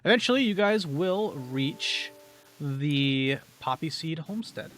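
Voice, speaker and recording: A man narrating a tabletop role-playing game as game master, pausing with many fillers. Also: on the high side, lively intonation, fairly bright tone, soft background music.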